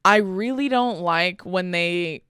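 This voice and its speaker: A woman's voice: on the low side, slow, fairly bright tone, clean tone, no room sound, clean studio sound. A woman co-hosting a podcast in casual chat, blunt and profane, often stumbling over repeated words. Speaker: podcast co-host.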